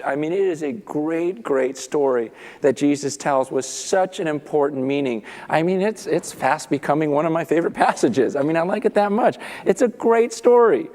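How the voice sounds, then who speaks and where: A man preaching a sermon, retelling a parable with lively storytelling and acted-out voices. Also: fairly high pitch, long reverb tail. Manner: animated storytelling, acts out characters. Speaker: pastor.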